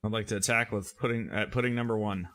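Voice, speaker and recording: A man's voice: fairly low pitch, fairly even intonation, fast, noisy background. A man playing a tabletop game, blunt and dry with an occasional curse. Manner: blunt, swears, dry remarks. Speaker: player. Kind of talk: casual tabletop game talk.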